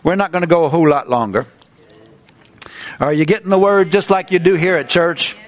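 Male preacher, light high-ish voice, animated sermon delivery with casual asides and restarts. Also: fairly quick.

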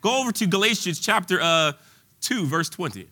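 A man's voice: high-pitched, sing-song, normal speed, bright, forceful tone. A man preaching an informal sermon in a conversational way, full of restarts and fillers, at times rising to bold declarations.

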